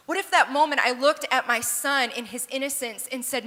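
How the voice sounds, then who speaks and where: Bright, high-voiced woman preaching in a hall. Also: moderate pace. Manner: animated, earnest preaching with humor. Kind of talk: sermon storytelling. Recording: long hall reverb.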